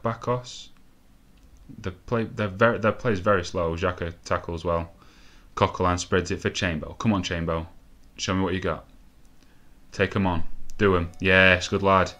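A man's voice: deep voice, moderate pace, faint music behind. Sweary young guy commentating a game. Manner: sweary, excitable, rambling asides. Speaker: gaming let's-play host. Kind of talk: casual live game commentary.

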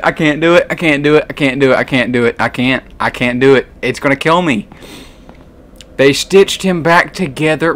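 A young man with a bright voice, playing a horror game and narrating aloud. He shouts in fright, mutters to himself, and talks close to a desk mic at home. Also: medium pitch, normal speed. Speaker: gaming YouTuber.

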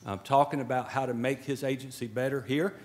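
A man's voice: medium pitch, steady tone, brisk. Folksy man speaking at a podium. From Georgia. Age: middle-aged. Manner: folksy and joking, preacher-like asides. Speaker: guest speaker at a swearing-in ceremony. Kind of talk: informal ceremonial speech. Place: indoor event hall at a podium. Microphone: podium microphone.

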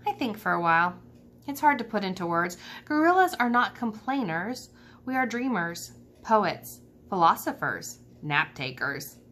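A woman teacher reading a children's novel aloud, calm and steady. Her voice sits a little low and even, paced for young listeners. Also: slight background noise. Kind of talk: children's book read-aloud.

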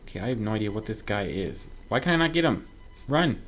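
Man, gaming commentary, excitable, yelps, jokey asides, very animated pitch. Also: fast talker, soft background music. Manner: excitable, talks to himself, yelps when surprised; joking asides to viewers. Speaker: gaming video creator. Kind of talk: casual let's-play commentary.

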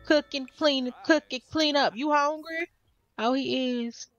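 A woman's voice: high-pitched, unhurried, no echo, dull audio, faint music behind. A woman giving casual, exasperated gameplay commentary straight to her viewers. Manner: animated, exasperated, talks to viewers.

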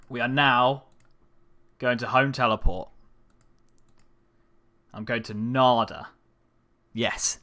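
A man giving casual, sweary commentary while playing a game on his channel. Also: medium pitch. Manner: swearing, excitable, talks to game characters. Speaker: gaming channel host.

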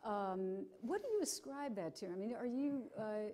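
A woman interviewing a guest at a forum, framing her questions haltingly. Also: mid-range voice, lively intonation, mellow. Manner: hesitant, with fillers and restarts while framing questions. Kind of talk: forum conversation.

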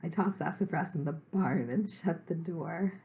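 A woman with a low, gravelly voice reads a children's storybook aloud slowly and gently. She adds chatty asides to her listeners and sometimes drops to a whisper.

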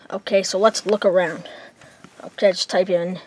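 A woman's voice: fairly low pitch, fairly even intonation, normal speed, a little mellow, slight background noise. A woman narrating and voicing characters in a casual homemade toy skit, rambling with many fillers.

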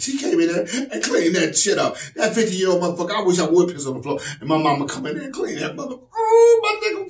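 A man doing stand-up comedy, loud and profane, often shouting. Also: sits high. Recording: echoey room from distant mic.

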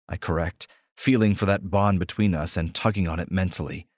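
A man narrating an audiobook romance in the first person with a steady, intimate reading. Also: sits low, brisk, few pauses, no room sound, clean studio sound.

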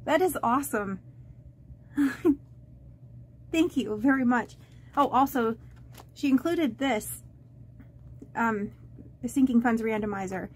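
Woman budgeting vlogger, high and unhurried, rambling with lots of ums, gushing unboxing chat. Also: darkish tone, slightly rough. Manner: halting and rambling, with many fillers and restarts; gushing and easily moved. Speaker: budgeting vlogger opening fan mail. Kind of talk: casual unboxing chat to camera.

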